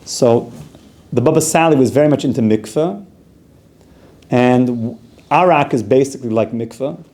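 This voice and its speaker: A man teaches a Torah class in a relaxed, conversational way. His voice is dark and mellow, sitting at an ordinary middle pitch. He slips Hebrew and Yiddish terms into plain as he explains. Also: normal speed. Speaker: yeshiva teacher.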